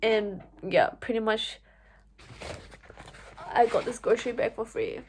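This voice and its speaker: A young female vlogger with a slightly high voice tells a personal story to camera at a measured pace, amid a little hiss or hum. She's chatty, uses lots of fillers and "like," and gets animated quoting herself.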